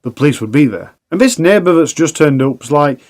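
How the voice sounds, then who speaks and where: A man's voice: a little high, animated, fairly quick, a little mellow. A man narrating a true crime documentary in a plain, conversational way with casual asides.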